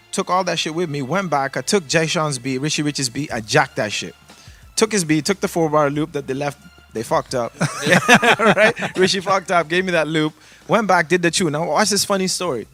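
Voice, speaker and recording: A man from Toronto, telling a story in a casual podcast chat, animated and profane, acting out the voices of the people in it. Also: fairly high pitch, moderate pace, soft background music. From Toronto, Canada. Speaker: guest musician.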